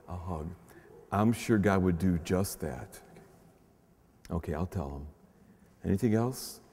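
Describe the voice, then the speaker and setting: A man, a pastor, preaching earnestly with slow pauses and swelling emphasis, and speaking gently to children. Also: low-pitched, expressive, background noise. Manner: gentle, playful talk to children. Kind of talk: sermon. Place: large church shrine. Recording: long echo of a large church.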